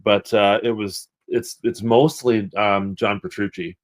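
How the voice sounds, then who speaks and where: A man's voice: on the low side, steady tone, unhurried. A man who is a guest on a music podcast, chatting casually and eagerly sharing what he knows. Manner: chatty, eager to share knowledge. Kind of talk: casual chat.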